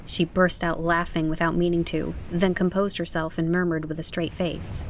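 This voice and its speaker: 児童文学を朗読する女性の語り手。穏やかでやさしい語り口、声はやや低め、かすかなノイズがある。. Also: female voice, lowish voice, flat delivery, moderate pace, hardly any pauses, slight background noise. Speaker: audiobook narrator. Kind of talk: scripted narration.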